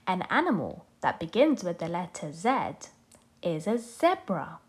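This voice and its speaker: A woman teaching a children's phonics lesson, sounding out letters and animal names slowly and clearly for young learners. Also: lowish voice, big pitch swings.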